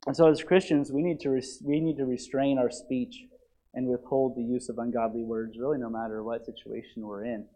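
A man's voice: medium pitch, level tone, fairly quick, warm tone. A man teaching a Bible lesson in an earnest, emphatic way, repeating key phrases for stress.

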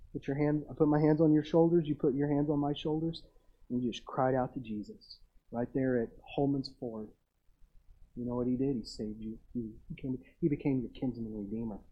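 A middle-aged man, a pastor telling stories in a sermon and swinging from hushed to emphatic. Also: medium pitch, husky, muffled recording.

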